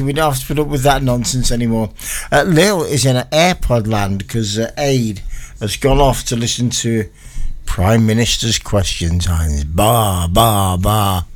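A man's voice: mid-range voice, lively intonation, normal speed. Chatty rambling radio man. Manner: rambling, self-mocking, chatty asides to listeners. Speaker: radio presenter. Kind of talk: casual radio chat between records.

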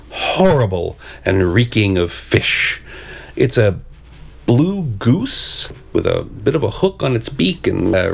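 A man with a medium-pitched voice and some vocal fry reads a storybook aloud. Between stretches of expressive narration, he pauses to describe the pictures in hesitant asides.

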